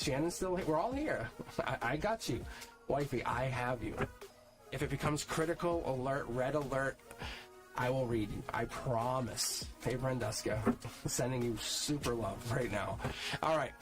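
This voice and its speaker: Upbeat guy doing a live tarot stream, chatty, laughs a lot, music going underneath. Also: mid-range voice. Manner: chatty and upbeat, laughs often, talks straight to viewers in the chat. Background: music playing.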